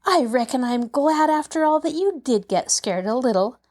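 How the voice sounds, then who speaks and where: A woman voicing a cheerful, eager little girl who talks in a bright, earnest way. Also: sits high, expressive, normal speed, pitched above the performer's own voice.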